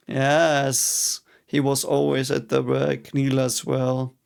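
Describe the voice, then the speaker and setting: A man's voice: medium pitch, completely flat delivery, takes it slowly, gravelly, slight background noise. A young German man with a German accent, reacting to an anime episode in casual commentary, frustrated and swearing often. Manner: frustrated, swears a lot, mock-cheering outbursts. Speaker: reaction video host.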